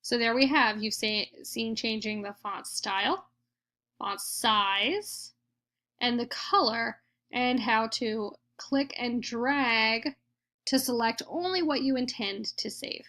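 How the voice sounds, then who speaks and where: A woman teacher talks through a computer tutorial in a fairly high voice. She explains each click patiently, one step at a time. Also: slow, sharp tone. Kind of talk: screen-recorded tutorial.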